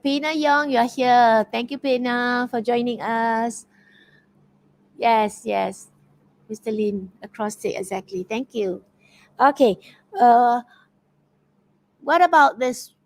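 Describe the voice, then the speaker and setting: A woman with a Malaysian English accent, her voice on the high side, leads an online poetry quiz as the teacher in an interactive workshop. She encourages and praises answers while using many fillers and restarting hesitantly. The recording is rough.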